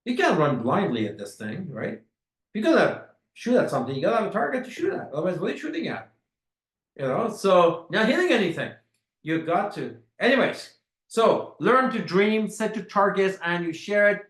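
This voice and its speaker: Man, high voice, motivational sales trainer, emphatic, repetitive, echoey room. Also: big pitch swings, normal speed, fairly bright tone. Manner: emphatic and repetitive, stretching key words. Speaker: network marketing trainer.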